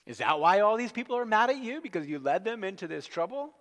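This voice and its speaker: A man's voice: sits high, big pitch swings, fast talker, fairly bright tone, voice pushed up, exaggerated voice. A man voicing a brusque, suspicious male Roman army commander who fires off incredulous questions, recorded in a large echoing hall.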